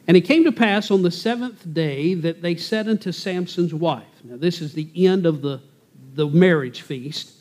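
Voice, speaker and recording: A man's voice: a little high, normal speed, a little mellow. A man teaching a Bible passage verse by verse, talking conversationally with frequent filler words. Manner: conversational, explains each verse in plain terms with frequent "uh" fillers.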